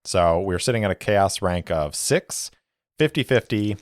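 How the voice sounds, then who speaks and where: A man hosting his own podcast, narrating a solo tabletop game in a measured, deliberate way. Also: low voice, animated, no echo, clean studio sound.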